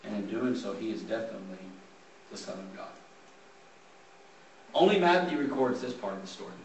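A man's voice: on the low side, a little fast, a little hiss or hum. A man preaching a sermon in a church hall, talking casually as he reads scripture aloud and explains it. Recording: roomy sound from a distant mic.

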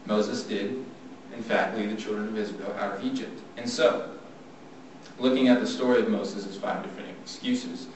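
A man giving a devotional Bible talk, plain and earnest, slowing down when he reads scripture. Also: fairly low pitch, steady tone, a little mellow. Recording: echoey room from far off, faint noise.

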